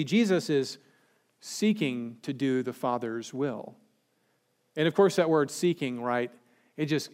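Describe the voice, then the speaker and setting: A male pastor preaching a sermon, animated, dropping to slow and hushed when he quotes scripture. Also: medium pitch.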